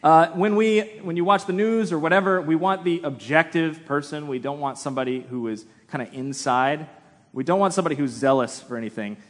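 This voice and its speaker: A man preaching a sermon in a relaxed, conversational way, with self-deprecating humor. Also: a little high, a little fast. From United States. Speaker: pastor. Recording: long hall reverb.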